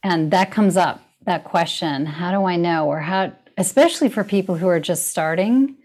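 A middle-aged woman with a somewhat low voice talks in a relaxed conversation. She is thoughtful and reflective, and laughs easily. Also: moderate pace. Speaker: guest. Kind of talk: casual conversation.

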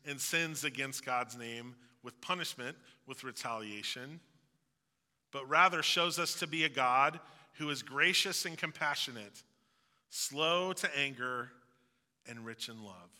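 Bright-voiced man preaching in a reverberant hall. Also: medium pitch, measured pace. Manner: earnest preaching with jokey asides. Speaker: pastor. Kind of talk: sermon.

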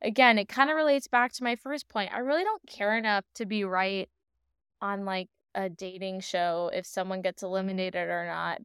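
A young woman in her twenties talks through her solo podcast in a smooth, clear voice. She is bubbly and effusive and keeps gushing with wonder, while her speech stays unhurried. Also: medium pitch, a bit bright. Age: 20s. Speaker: podcast host. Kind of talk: casual solo podcast monologue.

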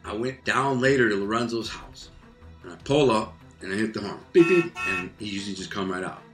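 A man telling a rough street story in casual talk, animated and streetwise, acting out voices and sound effects. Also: fairly low pitch, fairly quick, roomy sound, music in the background.

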